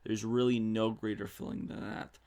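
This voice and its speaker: A young man hosting a solo podcast, telling stories in a casual, animated way with some swearing. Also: lowish voice, normal speed. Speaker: podcast host. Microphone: studio mic.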